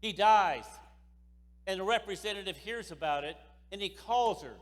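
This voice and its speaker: With a high-sitting, animated voice at a moderate pace, a man gives a fired-up motivational keynote at a sales convention. He drives his points home through repetition, and the hall's echo is clearly audible.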